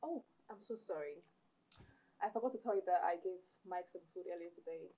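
A woman's voice: on the low side, fairly quick, mellow, highs cut off. A woman playing an eager young woman, bubbly and laughing easily in a comedy skit. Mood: puzzled. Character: cheerful young woman cook, sweet and eager.

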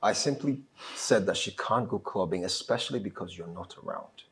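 A man playing a calm, deep-voiced doctor. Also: moderate pace. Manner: calm, respectful. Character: calm, polite male doctor caregiver. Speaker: doctor and caregiver.

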